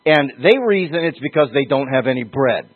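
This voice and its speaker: A man preaching a sermon, emphatic, with sudden leaps in pitch and slowed-down stresses on key words. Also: lively intonation. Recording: husky voice over a tinny phone-like line.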